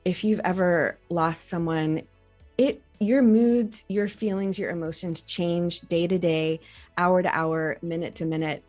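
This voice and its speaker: Earnest low-voiced woman doctor. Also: fairly even intonation, unhurried, soft background music. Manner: earnest, gently instructive. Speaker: reproductive endocrinologist. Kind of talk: educational talk to camera.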